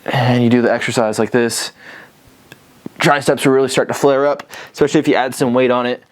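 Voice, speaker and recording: A man's voice: mid-range voice, fairly even intonation, brisk. Young male fitness vlogger, breathless, rambling and casual, home bedroom setup. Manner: loose and rambling, swears casually. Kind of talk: casual workout instruction. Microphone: camera on a tripod.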